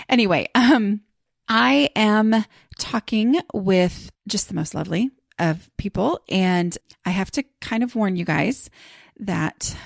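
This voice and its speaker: A woman's voice: mid-range voice, vocal fry, dry recording, studio quality. A woman hosting a podcast, chatting casually and rambling with many fillers. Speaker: podcast host.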